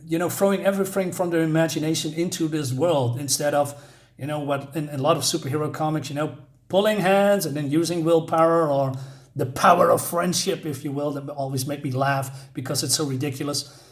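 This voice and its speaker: A man's voice: a little high, fairly even intonation, fairly quick. A man casually retelling a comic book story indoors, rambling, with many fillers. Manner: rambling, many fillers, reads quotes aloud.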